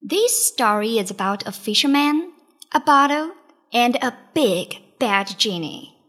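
A woman reading a children's storybook aloud, in a slow, lively, expressive way. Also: a little high. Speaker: storybook reader.

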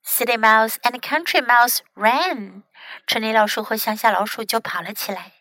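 A woman English teacher narrating a children's story bilingually, clear and teacherly. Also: fairly high pitch, normal speed, pushed and bright, no echo, low-quality recording.

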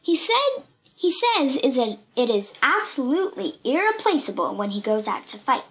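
Woman reading as a shrill little storybook girl spinning wild fibs, very high and bouncy. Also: very animated, moderate pace, fairly bright tone. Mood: fibbing. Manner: shrill, playful, fibbing with a straight face. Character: cheeky red-haired girl, tall-tale teller.

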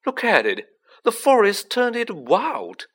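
A man voicing an excitable teenage boy, high-pitched and loud. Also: unhurried, full character voice. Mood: delighted.

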